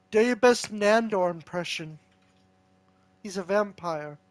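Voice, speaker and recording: A male host improvising a role-play, laughing easily and speaking in an offbeat, deadpan way. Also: high-pitched, slow pace.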